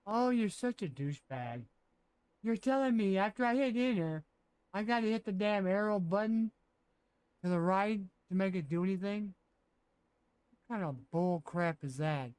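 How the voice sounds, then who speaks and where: A man's voice: high-pitched, animated, normal speed, pauses often, a little mellow, smooth, no echo, low-quality recording. A man on a live stream, grumbling in casual banter while he fights with a computer.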